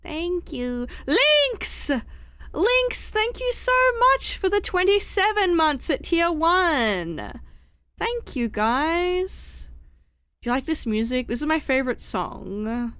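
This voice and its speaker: A woman live streamer chatting casually with viewers, excitable and giggly, with the hiccups. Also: very high voice, slow, no echo. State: has the hiccups.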